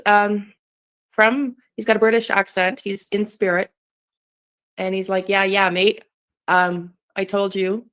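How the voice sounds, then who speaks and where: Her voice is gravelly and mid-pitched as this channel host reads tarot live for her audience in a casual, chatty way. Delivery stays flat and level, hesitant and stop-start, with frequent self-interruptions, and the sound quality is poor.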